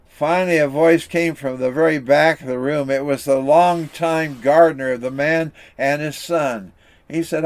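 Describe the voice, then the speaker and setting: A man preaching a sermon, telling an illustration story in an earnest, steady way. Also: a little high, normal speed. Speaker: pastor.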